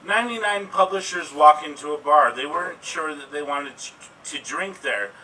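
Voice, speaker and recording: A man's voice: fairly high pitch, normal speed, sharp tone. A man telling terse, offbeat improvised one-liners. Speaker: improv player. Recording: distant mic, faint room noise.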